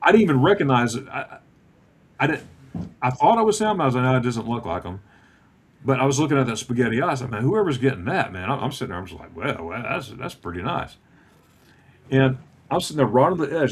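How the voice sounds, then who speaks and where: Husky man telling a lively story. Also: a little fast. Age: 50s. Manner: animated, acts out dialogue with lively pitch swings. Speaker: guest telling a travel story. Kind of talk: casual storytelling chat.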